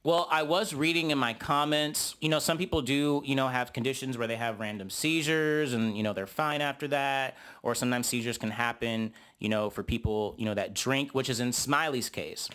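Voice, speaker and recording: Young guy spilling reality tv tea, bright voice, super animated. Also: moderate pace, few pauses, smooth. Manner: animated, swings up high to mimic cast members. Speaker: YouTube reality TV recapper. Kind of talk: casual recap commentary.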